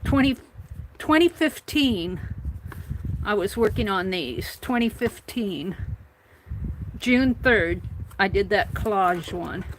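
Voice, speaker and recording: A woman's voice: mid-range voice, lively intonation, takes it slowly, long pauses, slight background noise, rough recording. A woman on a mixed-media art livestream, chatting casually and thinking aloud as she works in her home craft room. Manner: rambling, thinks aloud while working.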